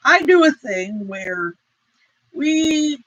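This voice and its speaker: A woman's voice: high voice, expressive, extremely slow, fairly bright tone. A woman hosting a casual crochet live stream, rambling apologetically and reading out chat comments. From United States. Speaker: crochet channel host. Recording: dull lo-fi stream audio.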